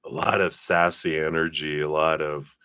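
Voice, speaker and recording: Low deep guy doing live card readings, chatty and kinda hesitant, dry close mic. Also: level tone, normal speed, pushed and bright, clean tone, no echo. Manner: chatty, reads viewer names and passes on spirit messages. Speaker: tarot reader.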